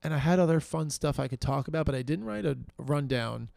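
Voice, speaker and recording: A man's voice: a little high, a little fast, vocal fry, a little mellow, no room sound, studio quality. A man from New York hosting a solo podcast, rambling with lots of fillers and self-deprecating asides, tired as he goes. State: tired, fading energy. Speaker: podcast host.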